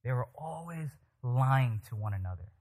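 A man preaching a sermon, telling stories in an animated way and often checking in with the listeners. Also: medium pitch, normal speed. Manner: animated, checks in with "right?" and "okay?". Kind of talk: sermon with storytelling.

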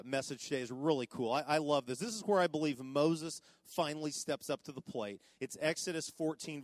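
A man preaching a sermon in church as pastor, swinging from loud emphatic lines to quiet, low endings. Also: dry recording. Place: church sanctuary.

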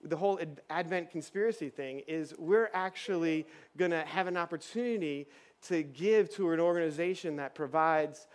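On a church stage before children and adults, a man runs a lively kids' church session in a slightly high voice at a moderate pace. He's a children's pastor, playful and chatty, with lots of filler words.

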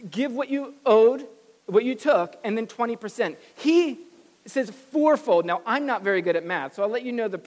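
A pastor preaching a sermon in a lively, animated way, acting out the voices of the people in the story. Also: mid-range voice, normal speed, big-room sound.

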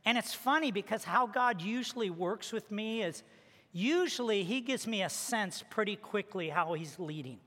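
A man's voice: sits high, expressive, normal speed, a bit bright. A man preaching a sermon as pastor, telling a personal story with humorous asides and rhetorical questions. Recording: echoey hall reverb.

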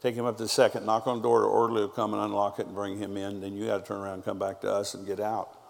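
A man's voice: lowish voice, little pitch movement, racing, vocal fry, long reverb tail. A middle-aged man, a pastor preaching a sermon and telling stories, quoting people's words back and forth. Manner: storytelling preacher, quoting others in conversation.

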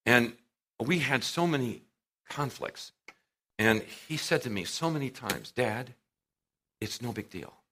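Middle-aged male preacher, bright lively delivery, storytelling sermon with animated volume swings. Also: mid-range voice, a little slow, pauses often. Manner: animated storytelling, acting out quotes with big swings in loudness.

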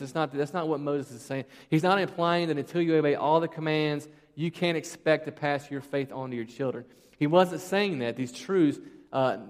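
Pastor, man, 30s, slightly raised pitch, chatty rhetorical sermon style, long hall reverb. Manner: conversational and emphatic, rhetorical questions.

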